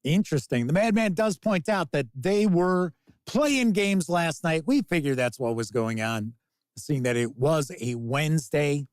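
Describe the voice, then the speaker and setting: Chatty middle-aged host, slightly high voice. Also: male voice, animated, a little slow, no room sound. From American. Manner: chatty, rambling, reads out viewer comments. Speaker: podcast host reading chat. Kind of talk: casual live-stream chat.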